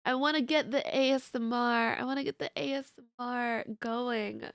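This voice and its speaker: A woman VTuber chatting casually to her stream, with a low, deep voice for a woman, giggling often and rambling through repeated restarts. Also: steady tone, normal speed, creaky, fairly bright tone, no echo, studio quality. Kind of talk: casual livestream chat.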